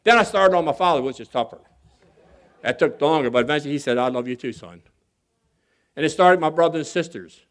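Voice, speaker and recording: A man's voice: a little high, animated, fast. A man speaking as guest at a recovery convention, telling his personal story in a folksy, candid and earnest way with some humor. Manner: acts out other people's voices when quoting them.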